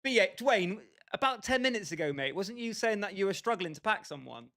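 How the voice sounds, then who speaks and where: A man's voice: high-pitched, big pitch swings, brisk, fairly bright tone. A young British man casually chatting with his livestream viewers, bantering with them by name and laughing often. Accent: British English. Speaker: streamer.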